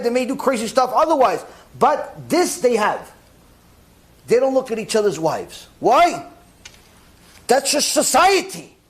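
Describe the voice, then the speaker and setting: Animated, high-pitched rabbi preaching. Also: male voice. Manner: animated, acts out little scenes with mock dialogue. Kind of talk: sermon lecture.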